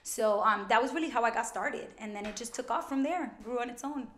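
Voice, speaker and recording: Loud, quick-talking woman in a roomy space. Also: a little high. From Brooklyn, New York. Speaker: guest, financial educator. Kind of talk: casual interview chat. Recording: roomy echo.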